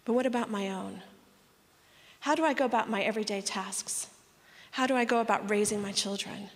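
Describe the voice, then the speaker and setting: A woman in her thirties giving an animated testimony talk to a conference audience, acting out the people in her story. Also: medium pitch, a little fast. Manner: animated storyteller, acts out quoted voices. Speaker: speaker at women's conference. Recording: long hall reverb.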